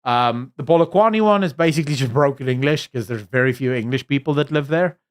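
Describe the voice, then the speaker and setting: A man's voice: medium pitch, fairly quick. Blunt man streaming. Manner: blunt, rambling, with many fillers and restarts. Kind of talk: casual opinionated livestream chat.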